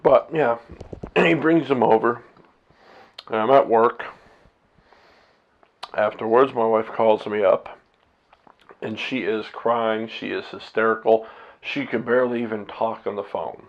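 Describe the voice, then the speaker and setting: A man's voice: lowish voice, a little slow, pauses often, lo-fi sound. A man talking candidly to his own camera, blunt and profane, rambling with restarts as a husband and father. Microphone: camera set up by himself.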